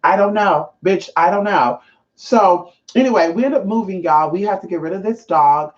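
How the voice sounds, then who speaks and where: A woman vlogger telling stories to her viewers in a casual, profane way, often calling them y'all and jumping up in pitch for emphasis. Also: normal speed. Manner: profane, chatty, keeps addressing viewers as y'all; animated, pitch jumps up for emphasis. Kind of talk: casual storytelling to camera. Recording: slightly dull lo-fi sound.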